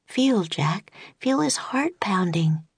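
A woman reading an audiobook voices a bold, caring young girl in a high, urgent voice. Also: sing-song, takes it slowly, husky, dry recording, heavily acted. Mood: hushed.

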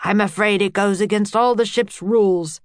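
A woman voicing a stern, gruff male ship captain who barks orders in a storybook reading. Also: mid-range voice, steady tone, moderate pace, no echo, natural voice.

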